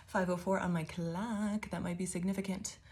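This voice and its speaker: A woman's voice: on the low side, fairly even intonation, measured pace, a little mellow. A woman giving a casual tarot reading to her viewers, rambling, swearing often, laughing, and showering them with affirmations. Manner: affirming, calls listeners babies. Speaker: tarot reader.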